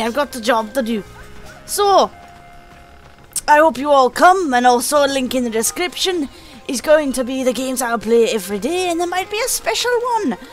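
A woman giving chatty, sweary let's-play commentary, slipping into a mock pirate lilt. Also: high voice. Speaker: gaming channel host.

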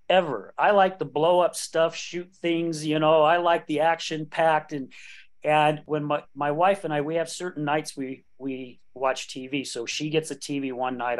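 A man's voice: fairly high pitch, fairly even intonation, moderate pace. A man in his late fifties hosting a podcast, talking candidly and joking, laughing often. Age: late 50s. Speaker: podcast host. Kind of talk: casual conversation.

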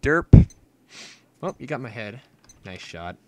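A man's voice: on the low side, very animated, normal speed, noisy background. A man hosting a let's play, giving jokey, self-mocking running commentary while he plays. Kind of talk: gameplay commentary.

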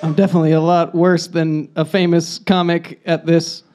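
A man acting in an improvised comedy scene, talking haltingly with lots of restarts and giggles. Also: a little high, little pitch movement, darkish tone.

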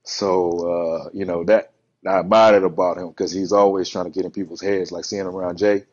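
A man who is a bodybuilder and podcast guest, telling stories in a relaxed, rambling way and acting out the quotes. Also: sits low, fairly quick. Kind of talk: casual storytelling on a podcast. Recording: muffled lo-fi podcast audio.

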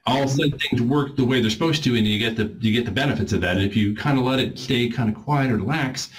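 Man coaching a voice warm-up class. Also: mid-range voice, quick pace, low-quality recording. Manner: encouraging, informal, coaching. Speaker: voice exercise instructor. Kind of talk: leading a group voice warm-up class.

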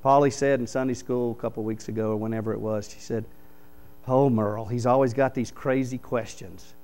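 A man, a pastor preaching a sermon in church, reading scripture aloud and explaining it with animated stories. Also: medium pitch, a little fast, poor audio. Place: church sanctuary.

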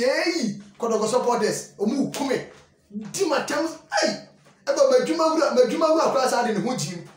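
A man hosting a football talk show, commenting casually and animatedly, often repeating phrases and mixing in English words. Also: very high voice. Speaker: sports show host. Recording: echoey room, far from the mic.

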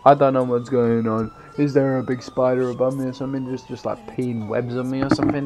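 A tired young man giving casual, rambling gameplay commentary, swearing freely with loud bursts of excitement. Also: mid-range voice, brisk, few pauses. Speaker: gaming YouTuber.

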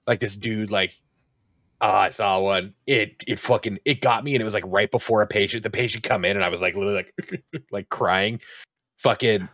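A man's voice: lowish voice, fairly even intonation, brisk, fairly bright tone, dry recording, studio quality. A man hosting a casual podcast, swearing freely and open about his feelings. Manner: casual, profane, openly emotional. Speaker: podcast host.

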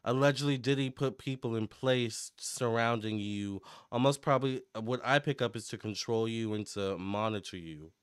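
A man giving a casual psychic tarot reading to camera, chatty and excitable as he relays what he picks up in a running commentary. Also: medium pitch, normal speed, hardly any pauses, clean tone, dry recording, studio quality. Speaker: tarot reader and medium.

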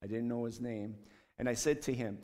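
A man's voice: medium pitch, brisk, dark tone. Guy sharing a testimony, earnest, voice ringing around a big church hall. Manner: earnest storytelling, acts out quoted dialogue. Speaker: street ministry leader. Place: church sanctuary. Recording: long church hall reverb.

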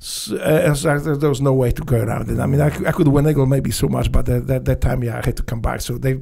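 Middle-aged Polish ex-soldier guest with an accent, gravelly voice, animated storyteller who swears. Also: male voice, medium pitch, quick pace. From Poland. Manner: animated, swears freely, acts out dialogue, laughs often. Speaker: podcast guest, former Navy SEAL. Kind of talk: storytelling in a casual interview.

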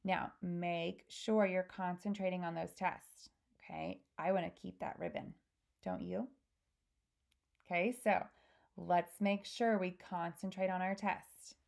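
A woman teacher reading aloud to children and giving gentle classroom instructions. Her voice is slow, low and gravelly, with a mellow, dark tone. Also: steady tone.

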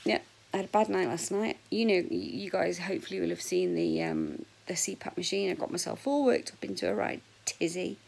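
A woman in her forties with a husky voice, chatting frankly and jokily to camera in a casual vlog, sometimes dropping to a whisper. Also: on the low side, brisk, darkish tone, a little hiss or hum, low-quality recording. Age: 40s. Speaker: vlogger.

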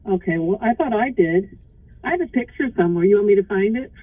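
A woman's voice: mid-range voice, animated, fast, slightly rough, no echo. A woman calling in to a livestream, talking bluntly and casually, swearing and laughing often. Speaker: caller. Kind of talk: casual phone call on a livestream. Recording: phone line.

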